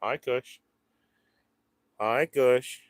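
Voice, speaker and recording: A man's voice: mid-range voice, very slow, no room sound. A man hosting a casual livestream, rambling to his viewers and cooing at his pets. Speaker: livestream host.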